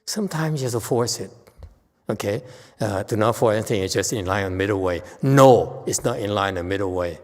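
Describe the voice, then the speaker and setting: Blunt gravelly man lecturing in a hall. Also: lowish voice. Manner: blunt, dismissive, argumentative. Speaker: Buddhist teacher. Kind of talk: dharma lecture.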